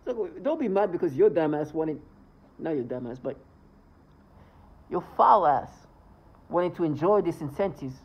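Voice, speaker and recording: A man's voice: fairly high pitch, expressive, normal speed, long pauses, slightly rough, highs cut off. A man ranting indignantly in a vlog monologue, swearing as he talks. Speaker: vlogger.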